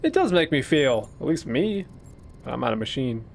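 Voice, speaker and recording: A man's voice: mid-range voice, very animated, moderate pace, gravelly, a little hiss or hum. Casual man musing over a game. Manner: casual, musing, laughs at himself. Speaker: gaming YouTuber. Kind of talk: let's play commentary.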